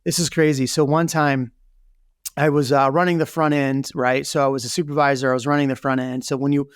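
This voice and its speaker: A man's voice: mid-range voice, little pitch movement, brisk, clear, resonant tone, dry recording, studio quality. A man being interviewed as a guest, telling a candid story with lots of "you know" and "right?" fillers. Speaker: real estate team leader, guest.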